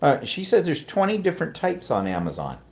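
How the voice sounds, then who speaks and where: A man's voice: a little high, huge pitch swings, fairly quick, creaky, darkish tone. Chatty Canadian man reading viewer comments. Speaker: live stream co-host. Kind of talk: casual live-stream chat.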